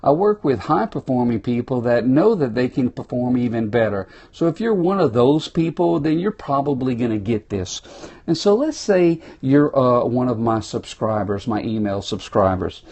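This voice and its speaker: A man's voice: medium pitch, big pitch swings, moderate pace, darkish tone, highs cut off. Exuberant Cajun man livestreaming. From South Louisiana. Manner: folksy, exuberant, talks straight to viewers. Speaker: motivational speaker. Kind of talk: live-streamed motivational talk. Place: indoors, small room. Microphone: phone.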